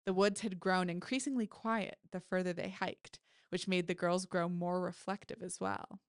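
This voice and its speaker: A woman author reading her own horror story aloud, in a lively way, now and then correcting herself with a laugh. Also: lowish voice, normal speed, clean tone, dry recording, clean studio sound.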